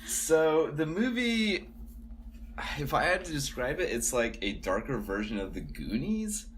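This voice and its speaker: A man's voice: a little high, big pitch swings, measured pace, slight background noise. A man co-hosting a podcast, chatting casually and recapping films with small restarts. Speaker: podcast co-host. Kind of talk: casual chat.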